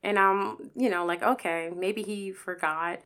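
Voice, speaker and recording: A woman telling a candid personal story in a casual monologue, animated, with swearing and acted-out quotes. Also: mid-range voice, a little slow, clear, resonant tone.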